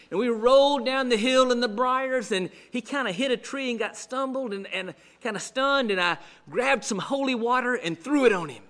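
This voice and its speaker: A man's voice: extremely high pitch, sharp tone, pitched above the performer's own voice. A man voicing a male priest in a joke, telling in a folksy way how he tamed a bear. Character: male Catholic priest boasting of taming a bear.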